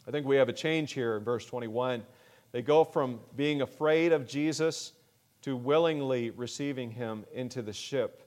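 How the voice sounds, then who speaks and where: Earnest male preacher. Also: mid-range voice. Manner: earnest, measured preaching that swells louder on key words. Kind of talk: sermon.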